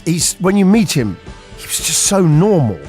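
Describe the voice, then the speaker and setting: A man's voice: fairly high pitch, sing-song, moderate pace, a little mellow, faint music behind. A man hosting a radio show, telling rambling anecdotes in casual chat. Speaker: radio host.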